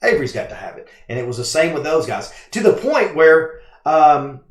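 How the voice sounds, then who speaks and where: A man hosting a casual stream chat, telling family stories in a lively way. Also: fairly high pitch, moderate pace, roomy sound. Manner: lively storyteller, laughs often. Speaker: streamer host.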